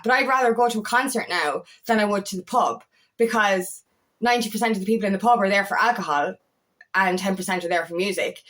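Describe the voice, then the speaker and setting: A woman, a spiritual coach talking casually to camera, emphatic and animated, swearing freely. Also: a little high. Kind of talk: casual monologue.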